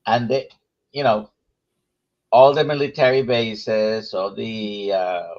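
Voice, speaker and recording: Man host, low gravelly voice, talks real slow, dull lo-fi sound. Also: steady tone, a little mellow. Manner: slow, halting, with many pauses and "uh"s. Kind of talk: casual interview chat.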